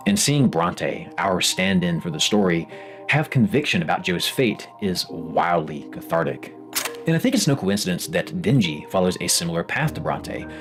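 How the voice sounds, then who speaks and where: A man with a low-sitting voice narrates a scripted video essay over a music bed. His delivery is expressive, rising for emphasis.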